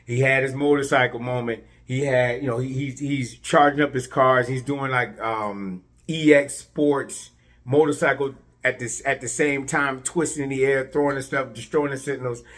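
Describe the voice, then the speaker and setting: A man recapping a superhero episode in a casual, animated way, repeating words and filling gaps with fillers. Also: medium pitch, normal speed. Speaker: show reviewer.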